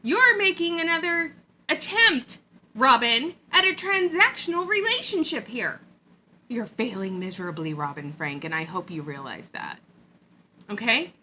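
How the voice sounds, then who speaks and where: Sarcastic woman ranting, high bright voice. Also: sing-song, a little slow, a little hiss or hum. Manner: sarcastic, mocking, emphatic. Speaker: vlogger. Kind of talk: ranting commentary vlog. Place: hot upstairs room with air conditioner.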